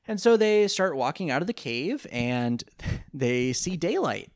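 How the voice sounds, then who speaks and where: A man with a mid-range voice talks a little fast as he co-hosts a podcast, casually recapping a cartoon episode with a rambling, animated retelling and put-on character quotes. The recording is dry with clean studio sound.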